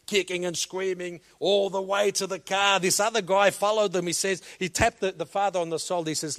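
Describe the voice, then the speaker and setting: A male preacher, giving an animated sermon and telling a story, often repeating words as he starts a sentence. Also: sits high, a little fast, hardly any pauses. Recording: long reverb of a large hall.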